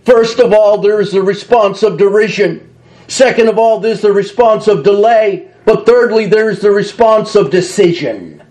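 A man's voice: high-pitched, moderate pace, a little mellow. A man preaching a sermon, reading scripture aloud and acting out the mockers' voices with feeling. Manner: impassioned preaching with dramatic reading and mock voices. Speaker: pastor.

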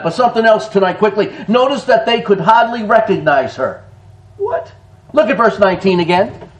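A man preaching a sermon in an animated way, often laughing and calling his listeners folks. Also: sits high. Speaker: pastor.

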